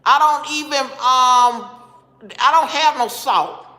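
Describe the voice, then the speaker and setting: A woman's voice: high-pitched, slow pace, sharp tone. A woman hosting a casual live stream, talking straight to her viewers and bluntly scolding the commenters. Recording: echoey room with long reverb.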